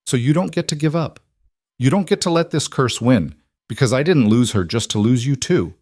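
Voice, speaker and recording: A man's voice: medium pitch, animated, normal speed, darkish tone, no room sound, studio quality, pitched above the performer's own voice, close to an everyday voice. A man voicing a fierce, determined young she-wolf heroine with an urgent, defiant manner. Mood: pleading.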